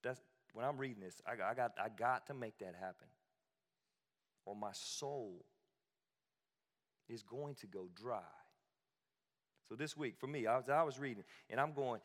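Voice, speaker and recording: A man's voice: medium pitch, normal speed, pauses often, big-room sound. A male pastor preaching a sermon in a conversational, emphatic way, with asides and repeated phrases.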